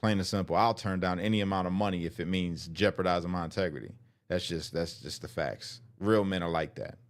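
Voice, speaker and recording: A man's voice: deep voice, fairly quick. A man hosting a show, reacting to a clip in blunt, slangy casual commentary.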